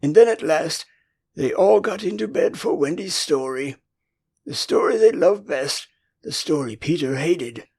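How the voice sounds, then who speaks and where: Husky, gravelly older English narrator. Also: male voice, a little high, expressive, a little slow, a little mellow. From England. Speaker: audiobook narrator. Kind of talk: scripted storybook narration.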